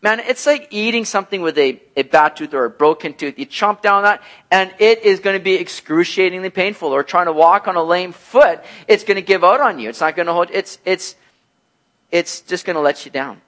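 Male pastor, casual sermon, higher voice, lively delivery. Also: brisk. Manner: lively, acts out bubbly and gloomy voices in his examples. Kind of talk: expository sermon, casual and animated.

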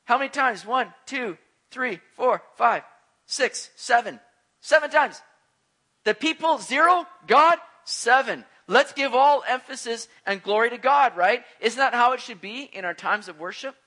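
A man preaching a sermon as a pastor, animated, with joking asides. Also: very high voice, measured pace.

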